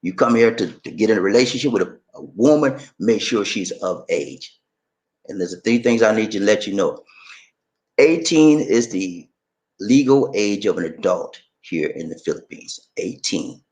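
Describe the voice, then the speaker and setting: A man's voice: fairly low pitch, expressive, moderate pace, darkish tone. A man hosting a casual vlog, chatty and repetitive as he quizzes viewers. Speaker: channel host.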